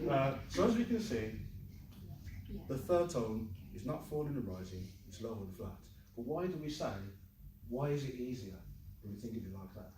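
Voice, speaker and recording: A man's voice: medium pitch, noisy background. A man teaching a Chinese class, who leads drills and jokes with his students. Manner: upbeat, jokey, leads the class in chants and repetition. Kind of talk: classroom lesson with call-and-repeat drills. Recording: roomy classroom audio from a distant mic.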